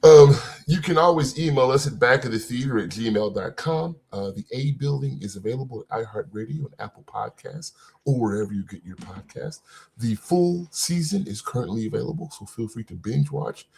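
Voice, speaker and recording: Joking podcast co-host, gravelly voice. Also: male voice, medium pitch, animated, moderate pace, a little mellow. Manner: joking, laughs often. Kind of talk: casual chat.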